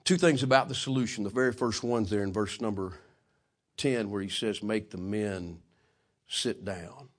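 A man preaching a sermon, swinging from loud, passionate peaks to hushed, quiet stretches. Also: on the low side, moderate pace. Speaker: pastor.

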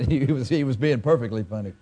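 Mellow-voiced man preaching a sermon. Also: mid-range voice, a little hiss or hum. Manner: storytelling preacher, halting restarts, emphatic repetition. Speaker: pastor.

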